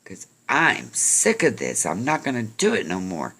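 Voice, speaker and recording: A woman's voice: a bass voice, wildly swooping pitch, unhurried, gravelly, fairly bright tone, a little hiss or hum, full character voice. A woman voicing a fussy man sorting apples, indignant and emphatic.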